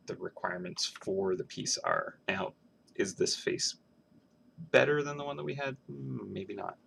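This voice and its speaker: A man's voice: deep voice, vocal fry, fairly bright tone, a little hiss or hum. A man who is a game artist, thinking aloud in a musing, self-questioning way as he draws on a livestream. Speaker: game artist streaming his work.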